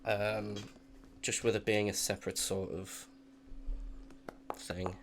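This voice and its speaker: Young male dungeon master, lowish voice, laid-back and halting. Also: creaky, noisy background. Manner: relaxed, hesitant narration, full of fillers. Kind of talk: narrating a tabletop game.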